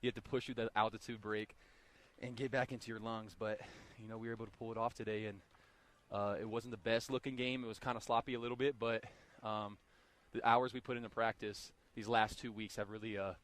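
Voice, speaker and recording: A young man still catching his breath after a basketball game, talking loosely and rambling through plenty of fillers. His voice sits on the low side for a man. He sounds easygoing and unscripted as he answers postgame questions. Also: fairly quick. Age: young adult. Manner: relaxed, rambling with many fillers. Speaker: college basketball player. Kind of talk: postgame interview.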